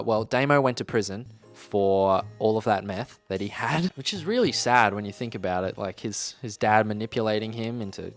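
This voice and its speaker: A young Australian man telling a work story in a laid-back, wry way, swearing casually. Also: lowish voice. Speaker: YouTuber, electrician.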